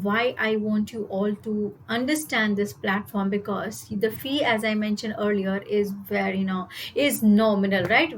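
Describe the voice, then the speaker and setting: Woman with Indian accent, English teacher, live online class, higher voice, faint background hiss. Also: a bit bright, low-quality recording. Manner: explanatory, asks the class rhetorical questions, switches into Hindi. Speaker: IELTS teacher.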